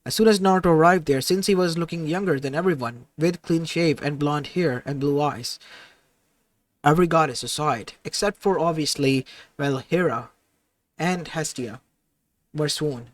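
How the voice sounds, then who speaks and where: A man's voice: on the high side, moderate pace, dry recording. A man narrating an improvised fan-fiction story, speaking hesitantly with restarts.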